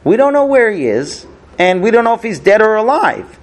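A man's voice: high-pitched, big pitch swings, moderate pace, voice pushed up. A man voicing Shimon, a puzzled brother insistently questioning a ruler.

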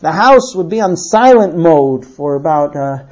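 A woman telling a lively story as part of a talk. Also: low-pitched, a little slow. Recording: dull lo-fi recording.

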